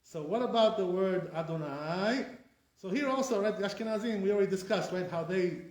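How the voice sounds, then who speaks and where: A man's voice: sits high, a little fast, darkish tone. A man, a rabbi, teaching a casual class and saying "right?" often while he acts out wrong and right pronunciations. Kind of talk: informal class lecture. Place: classroom with a live audience. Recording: echoey room, voice picked up from a distance.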